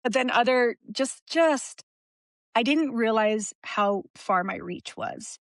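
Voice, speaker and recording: A woman speaking as a podcast guest in an open, emotional way, often restarting her sentences and laughing softly. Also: on the high side, animated, slow, no echo, studio quality. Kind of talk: candid conversational interview.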